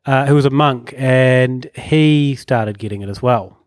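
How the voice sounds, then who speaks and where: Young kiwi guy rambling on a podcast, jokey, mid pitch, dry sound. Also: measured pace, no echo. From New Zealand. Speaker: podcast co-host. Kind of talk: casual chat.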